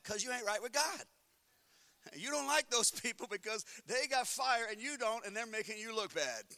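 A man preaching a sermon as pastor, swinging between quiet talk and shouting, and telling funny stories with acted-out inner voices. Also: sits high, animated, fairly quick, dry recording.

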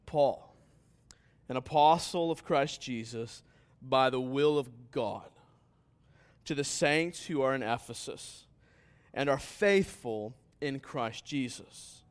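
A man's voice: medium pitch, slow pace, smooth. A man reading a scripture passage aloud during a sermon, building in emphasis as he goes. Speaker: pastor.

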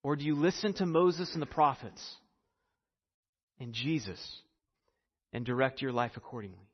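A man's voice: mid-range voice, expressive, normal speed. Male pastor, earnest sermon delivery, church hall reverb, slightly muffled recording. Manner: earnest, building to emphasis, then hushed prayer.

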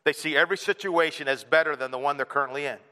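Man, pastor, sermon, high voice, bright tone, reverberant church hall. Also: quick pace. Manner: animated, acts out whiny kids and an annoyed parent.

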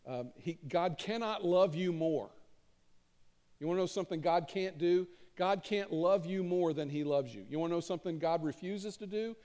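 A middle-aged man delivers a sermon from a church stage, earnest and conversational, leaning on repeated phrases. His voice is mellow and dark in tone yet pitched slightly high. The sound carries a long reverb from the large room. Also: fairly quick, hardly any pauses. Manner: conversational, earnest, emphatic repetition. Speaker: pastor.

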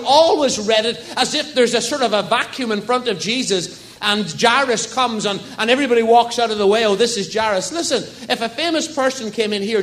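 A man's voice: very high-pitched, a bit bright. A man preaching a sermon in a church service, telling stories and asking the congregation rhetorical questions. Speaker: pastor.

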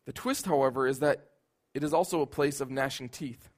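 A man preaching a sermon in an earnest voice, building at times into loud, emphatic outbursts. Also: medium pitch, fairly quick.

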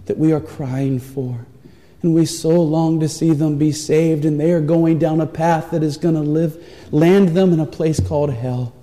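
A man preaching a sermon, telling a story with earnest, pleading warmth. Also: fairly high pitch. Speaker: pastor. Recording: long reverb of a large hall.

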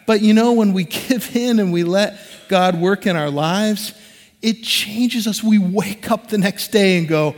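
High-voiced preacher in a reverberant hall. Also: male voice, measured pace. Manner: conversational and animated, acts out quoted voices. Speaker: pastor. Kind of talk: sermon.

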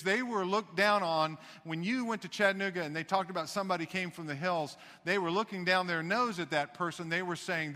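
A male pastor delivers an emphatic sermon, breaking into folksy asides. His voice is high and bright. It carries with a long echo through a large hall. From United States.

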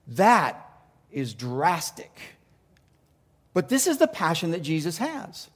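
Guy preaching hard, kinda high voice, restarts a lot, big echoey church hall. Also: huge pitch swings, takes it slowly, long pauses, slightly rough. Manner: passionate preaching with rhetorical questions and frequent restarts. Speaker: pastor. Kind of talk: sermon. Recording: long reverb of a large hall.

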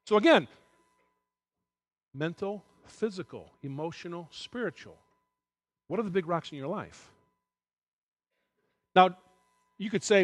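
A man's voice: sits high, animated, measured pace, pauses often, no echo. A middle-aged man giving a sermon in a candid, conversational way, at times emotional. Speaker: preacher.

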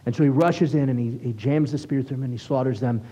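A man preaching a sermon as a rabbi, conversational and asking his listeners questions, reading scripture aloud slowly. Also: mid-range voice, warm tone, breathy edge, low-quality recording. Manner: conversational, asks the congregation questions.

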